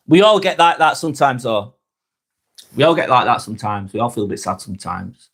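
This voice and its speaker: A chatty man from Northwest England with a Lancashire accent, hosting a relaxed live stream. He talks in an easy, friendly way and calls people "mate" as he answers viewers. His voice sits at an ordinary middle pitch for a man. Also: moderate pace, pauses often, breathy edge. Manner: chatty, friendly, says "mate" often, thanks viewers by name. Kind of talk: casual live-stream chat reading comments.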